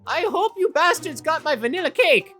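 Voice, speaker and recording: A woman voicing a feisty, defiant ninety-year-old grandmother who blurts things out loudly in a tabletop game. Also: extremely high pitch, big pitch swings, moderate pace, soft background music, voice pushed up, heavily acted. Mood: brash. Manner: loud, brash outbursts.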